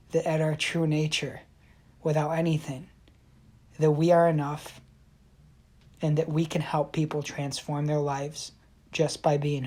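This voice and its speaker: A woman co-hosting a podcast tells teaching stories in an earnest, measured way. Her voice is low for a woman. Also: darkish tone. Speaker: podcast co-host. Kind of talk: storytelling in a casual chat.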